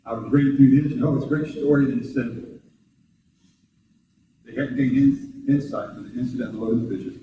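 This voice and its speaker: A man preaching a sermon as pastor, talking to the congregation in a conversational way with rhetorical questions, and jumping up high in pitch when he acts out quoted voices. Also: steady tone, brisk, pauses often, narrow, tinny audio, noisy background. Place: church sanctuary. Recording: very echoey room, voice far from the mic.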